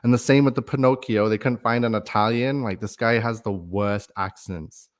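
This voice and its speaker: A man's voice: mid-range voice, normal speed. A man hosting a casual livestream, rambling in a conspiratorial way and reading out viewer comments between his own thoughts. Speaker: livestream host.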